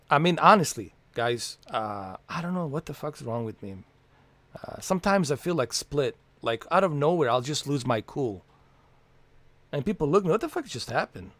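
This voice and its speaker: Male streamer, casual rambling delivery with swearing; lively pitch, dry close sound. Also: no echo. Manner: rambling, frequent swearing and fillers. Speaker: livestream host. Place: home.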